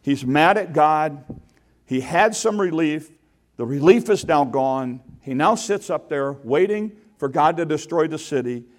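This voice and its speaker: A man's voice: on the high side, animated, unhurried. A man preaching a sermon to his congregation in a conversational way, often putting questions to the listeners. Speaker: pastor. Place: church sanctuary.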